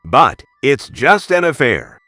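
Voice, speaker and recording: A meek, caught-out husband pleads in a low voice that swings up and down, as a woman narrator puts him on. He talks slowly and hesitantly. The sound is dry and close. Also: sing-song, a bit bright, no room sound, soft background music, heavily acted. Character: meek cheating husband, adult man. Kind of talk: storybook narration.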